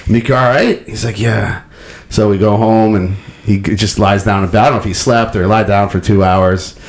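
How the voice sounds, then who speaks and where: A man's voice: fairly low pitch, steady tone, moderate pace. A man in his thirties hosting a casual podcast, telling sports and family stories in a laid-back, profane way. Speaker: podcast host.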